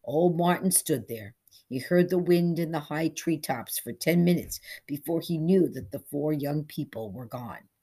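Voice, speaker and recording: Husky, low-toned woman narrating a story. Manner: measured, steady storytelling. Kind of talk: scripted narration of a short story.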